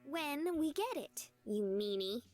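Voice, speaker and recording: A woman voicing a cheerful, stubborn young woman in a visual novel, bright and eager. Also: high voice, very animated, takes it slowly, faint music behind, exaggerated voice.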